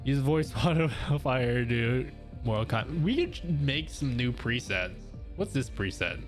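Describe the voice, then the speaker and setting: Laughing often, a man streaming live rambles casually to his viewers in a mid-range voice with lively intonation and an unhurried pace. His audio comes from a studio mic through a mixer, with faint music in the background.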